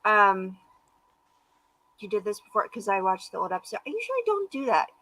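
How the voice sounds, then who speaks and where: A woman's voice: mid-range voice, sing-song, brisk, bright, forceful tone, low-quality recording. Playful woman co-host bantering. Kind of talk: casual live-show chat.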